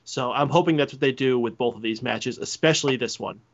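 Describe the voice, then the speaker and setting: A man laying out his wrestling opinions in a steady, reasoned way. His voice is mid-pitched and plain. The sound is muffled and lo-fi. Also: brisk. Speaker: podcast co-host. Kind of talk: casual wrestling analysis chat. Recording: dull lo-fi call audio.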